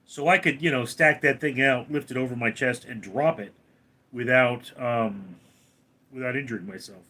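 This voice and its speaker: A man's voice: mid-range voice, moderate pace, pushed and bright. A man hosting a casual live stream, reading out viewer names and comments and answering them briefly. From Los Angeles, California. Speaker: livestream host reading chat.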